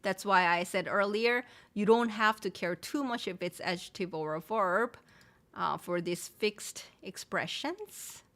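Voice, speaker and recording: In a live-streamed language lesson, a Korean teacher whose first language is Korean explains phrases in English and gives repeated Korean examples, also reading viewer names and comments aloud. She has a mid-range, fairly bright voice and keeps a measured pace.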